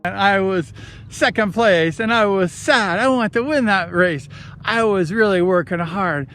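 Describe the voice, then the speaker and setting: Brief: older man from Southern California, high voice, rambling excited storyteller, faint music behind. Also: measured pace. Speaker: vlogger recounting racing days. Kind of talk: casual storytelling.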